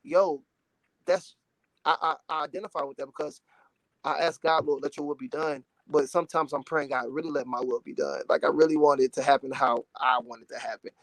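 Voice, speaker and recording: A man's voice: fairly high pitch, fairly even intonation, fairly quick, creaky, no echo. A man in his twenties from Dallas, a gospel artist talking in a casual interview, earnest and emotional with lots of "you know"s. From Dallas, Texas. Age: 20s.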